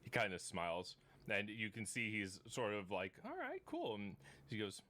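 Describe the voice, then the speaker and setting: A man's voice: on the low side, fairly even intonation, moderate pace, sharp tone, slight background noise. A man narrating a tabletop game as game master, loose and casual, often laughing.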